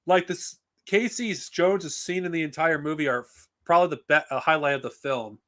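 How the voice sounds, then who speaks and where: A man's voice: a little high, moderate pace, fairly bright tone. A man talking casually on a live stream, blunt and profane, rambling with frequent restarts. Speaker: streamer reviewing comics and films.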